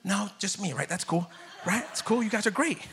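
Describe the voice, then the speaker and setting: A man delivers a sermon with a high, bright voice. He talks in a loose, conversational way, jokes with the congregation and calls out for responses. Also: lively intonation, fairly quick, a little hiss or hum. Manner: conversational and jokey, calling out to the congregation. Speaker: pastor.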